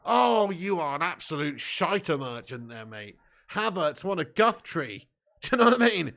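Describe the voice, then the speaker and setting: His pitch sits fairly high, and he sounds very animated, pushed and bright while keeping a normal speed. This man runs a football watch-along stream, laughing a lot and swapping sweary, laddish jokes with viewers between bits of match commentary.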